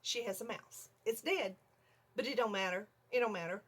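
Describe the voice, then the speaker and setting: An older woman vlogger telling a story in a casual, animated way from her home video room, often checking in with "okay?". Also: mid-range voice, normal speed, husky.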